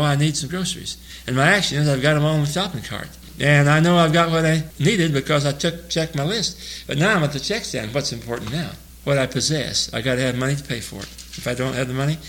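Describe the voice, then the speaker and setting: An older man teaching through a Bible passage verse by verse, chuckling often, mixing homespun asides with slow scripture reading. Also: fairly high pitch, bright, forceful tone, rough recording.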